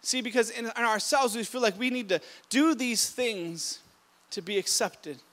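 A male pastor with a strikingly high, bright, forceful voice delivers an impassioned sermon. He swings between quiet, reflective passages and sudden loud emphatic bursts. He often repeats and restarts words mid-sentence as he preaches. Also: moderate pace.

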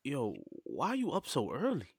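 A man's voice: mid-range voice, huge pitch swings, a little slow, slightly rough, heavily acted. An actor playing a sleepy, doubtful young man who teases his friend in slang, in an audio drama. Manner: drowsy, doubtful, teasing in slang. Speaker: Ronnie, the roommate.

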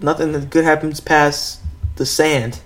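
A man's voice: fairly high pitch, level tone, measured pace, a bit bright. A young man in a casual chat, joking and defensive with his friend. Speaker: podcast co-host.

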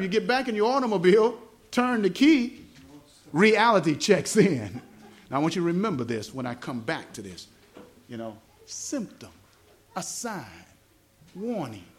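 A Southern US evangelist teaches a small church meeting, his voice sitting high for a man. He keeps checking whether the congregation follows him and spells words out slowly. His pitch rises and falls in wide, animated swings. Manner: asks the congregation questions, explains words slowly. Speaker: gospel evangelist. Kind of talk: teaching sermon.

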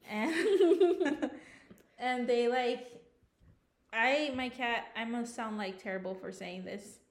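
A woman's voice: on the high side, slow pace, roomy sound. A woman in her thirties co-hosting a podcast, chatting casually in an easygoing, playful way and laughing often. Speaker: podcast co-host. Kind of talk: casual chat.

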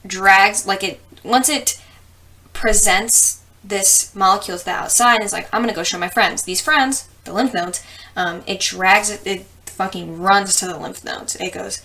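A woman's voice: medium pitch, measured pace, pushed and bright. A young woman from the US Midwest who explains science in a casual, chatty way, with lots of ums and plenty of swearing. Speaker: host.

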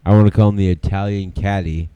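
A man co-hosting a podcast in casual chat, animated and swearing, acting out movie quotes. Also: low-pitched, quick pace, clear, resonant tone, no echo, dull audio. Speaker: podcast co-host.

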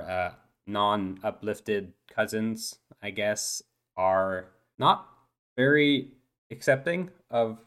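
Brief: a man as a nervous, rambling young dolphin boy in a tabletop game; lowish voice, stammering. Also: a bit bright. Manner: hesitant, stammering, full of ums and restarts. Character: eight-year-old male uplifted dolphin schoolboy, shy, rambling. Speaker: player. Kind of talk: tabletop role-play, in character.

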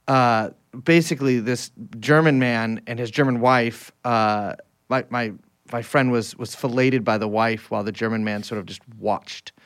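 A man's voice: mid-range voice, fairly bright tone. A man hosting a casual podcast, talking in a rambling, chatty way with frequent restarts. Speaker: podcast host.

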